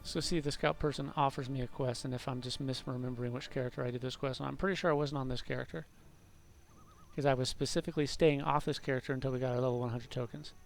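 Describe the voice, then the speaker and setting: A man's voice: medium pitch, fairly even intonation, fast, creaky, soft background music. A man rambling through gameplay commentary, talking to himself, mocking his own mistakes and swearing at the game. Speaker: game streamer.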